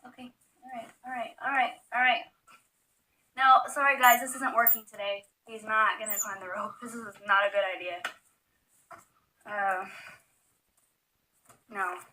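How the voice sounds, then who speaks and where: A woman's voice: a little high, fairly even intonation, unhurried, long pauses, bright, forceful tone, rough recording. A young woman chatting casually at home while filming her pet monkey, coaxing it and laughing often. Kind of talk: casual chat. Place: home room.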